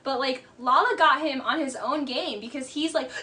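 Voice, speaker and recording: A woman hosting a casual reaction commentary, blunt and scornful, talking in animated rants full of "like" fillers. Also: sits high, moderate pace. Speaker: commentary host.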